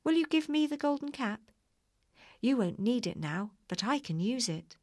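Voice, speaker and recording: A woman voicing a gracious, kind good witch in a storybook reading, calm and reassuring. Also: fairly high pitch, moderate pace, no echo, clean studio sound, pitched above the performer's own voice.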